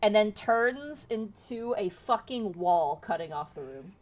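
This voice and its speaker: A woman's voice: medium pitch, lively intonation, a little slow, a loud crowd. A woman narrating as game master of a tabletop game, casual, swearing freely and often laughing.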